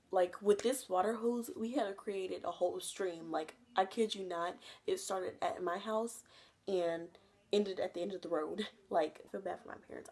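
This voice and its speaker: Chatty young woman, "like"-heavy storytelling. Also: a little mellow. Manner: chatty, fills with "like" constantly, laughs often; acts out quoted people with jumps in pitch. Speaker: vlogger. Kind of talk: casual storytime.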